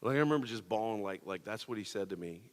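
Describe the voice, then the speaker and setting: A man's voice: fairly low pitch, expressive, fast, in a large hall. A man pastor giving a sermon, telling a personal story in a casual, conversational way with many fillers. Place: church auditorium.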